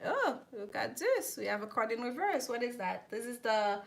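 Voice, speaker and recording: A woman's voice: fairly high pitch, big pitch swings, normal speed, gravelly, heavy background noise. A woman giving a live tarot reading, chatting with viewers and often repeating herself. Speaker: tarot reader.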